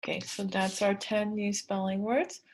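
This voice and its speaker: A woman's voice: mid-range voice, little pitch movement, normal speed, darkish tone. A woman teacher giving a spelling lesson to young children, patient, repeating words and checking in with "okay" again and again.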